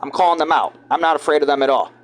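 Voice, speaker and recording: High-voiced rambling man. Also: low-quality recording. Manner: halting, restarts often, conspiratorial. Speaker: vlogger. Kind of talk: rambling commentary over clips.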